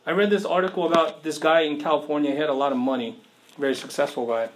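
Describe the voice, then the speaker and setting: A preacher gives a sermon in a relaxed, conversational way, speaking quickly in a voice a little higher than most men's. He throws rhetorical questions at his listeners and leans on everyday slang.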